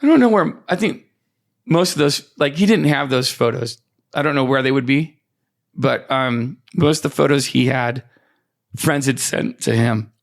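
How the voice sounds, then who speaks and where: Male guest storyteller with a fry-edged, mid-pitched voice, loose and rambling delivery. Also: moderate pace. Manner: rambling anecdotes with many fillers. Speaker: podcast guest. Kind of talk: casual storytelling.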